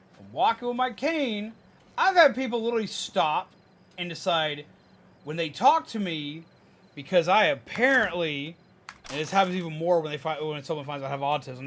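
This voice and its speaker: A man's voice: on the high side, a little fast. A young man streaming a game who rants frankly, swears freely, and mocks people in put-on voices. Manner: animated ranting, mimicking people in mocking voices. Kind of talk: casual livestream rant while gaming.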